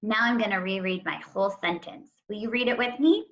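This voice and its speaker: A woman teacher giving a writing lesson to young children. She speaks slowly and deliberately and stretches out the sounds of words. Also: medium pitch, muffled recording.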